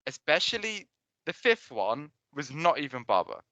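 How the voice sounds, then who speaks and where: A man's voice: on the high side, very animated, moderate pace, sharp tone, dry recording. A man in casual review chat, blunt and exasperated, swearing freely. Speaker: podcast co-host.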